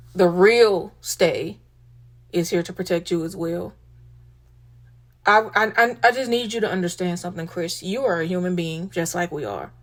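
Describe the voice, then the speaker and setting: Emphatic woman talking from the heart. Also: fairly low pitch. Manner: emotional, emphatic, repeats lines, swears casually. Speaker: host. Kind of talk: heartfelt casual monologue.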